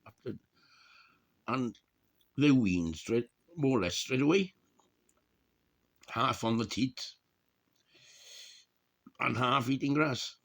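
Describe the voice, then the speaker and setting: A middle-aged man chatting casually to camera in a rambling, jokey way, often clearing his throat. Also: medium pitch, takes it slowly, pauses often. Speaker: vlogger.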